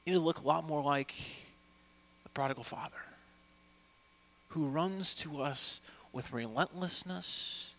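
A male pastor delivering a heartfelt sermon. His voice sits a little high for a man, and he swings between quiet, intimate asides and loud, pleading appeals to his congregation. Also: unhurried, creaky, pauses often. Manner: impassioned preaching, swinging from hushed to loud.

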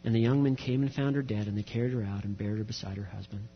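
A man's voice: lowish voice, racing, slight background noise. A middle-aged man preaching a sermon as pastor, earnest and direct, mixing scripture reading with personal stories. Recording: dull recording with long hall reverb.

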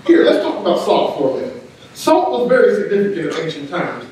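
A man's voice: a little high, huge pitch swings, brisk, darkish tone, slight background noise. A man preaching a sermon in a church, emphatic, repeating key words for stress. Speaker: pastor. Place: church sanctuary. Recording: echoey room, mic at a distance.

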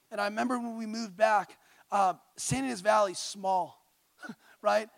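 A man in his thirties from California preaching a sermon, passionate, dropping to quiet intimate tones and rising to loud exhortation. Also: high-pitched, normal speed, dry recording. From California, USA.

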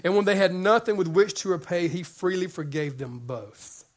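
A male pastor with a high voice delivers a conversational sermon. He jokes with the room and repeats words as he builds to his points. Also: moderate pace. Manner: conversational, joking, repeats words when excited.

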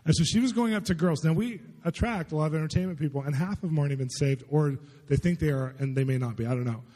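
Pastor guy chatting through a sermon, mellow husky voice, lots of "like", big echoey hall. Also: a little high, quick pace. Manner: conversational, chatty, lots of filler "like". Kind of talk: storytelling sermon. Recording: long reverb in a large hall.

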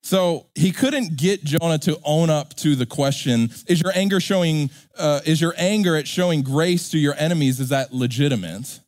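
A pastor preaching a sermon in an animated, joking way, acting out characters. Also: male voice, fairly high pitch, moderate pace, hardly any pauses, dry recording, clean studio sound.

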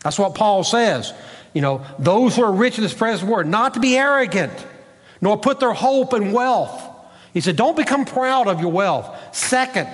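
High, lively-voiced preaching pastor. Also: male voice, normal speed, in a large hall. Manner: emphatic, repetitive preaching cadence. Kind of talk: sermon.

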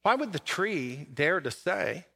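A man pastor preaching a sermon, with dramatic pauses and big swings between loud and soft. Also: a little high, big pitch swings, vocal fry. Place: church sanctuary.

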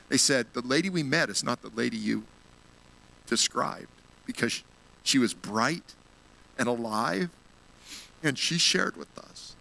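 A man's voice: medium pitch, expressive, a little slow, vocal fry, pauses often, bright, forceful tone, poor audio. A man giving an earnest sermon, telling a personal story and appealing to the congregation. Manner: earnest storytelling, gets emotional. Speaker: guest speaker at a church.

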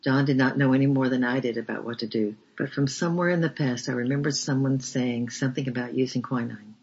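Gravelly, husky man reading a memoir. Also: mid-range voice, quick pace, darkish tone. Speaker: audiobook reader. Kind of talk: storybook narration of a memoir. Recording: dull lo-fi recording.

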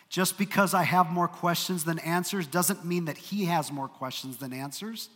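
A man's voice: fairly high pitch, moderate pace, few pauses, a bit bright. A man preaching a sermon as pastor, emphatic and earnest, with dry humorous asides. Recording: long reverb of a large hall.

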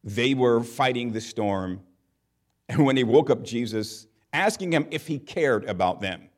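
A man preaching a sermon, reading scripture slowly and emphatically, with dramatic rises in pitch and loudness. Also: expressive.

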